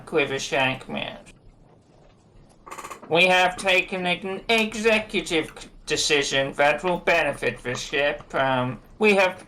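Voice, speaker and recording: A player voicing a pompous male captain who addresses his sailors with slow, grand proclamations. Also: medium pitch, bright, forceful tone, a little hiss or hum, pitched above the performer's own voice.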